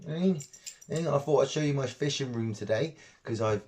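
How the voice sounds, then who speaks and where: Man, casual fishing vlog, rambling, blunt, mid pitch. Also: normal speed, darkish tone. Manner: chatty, rambling, blunt and mocking. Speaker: fishing vlogger. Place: home fishing room, indoors.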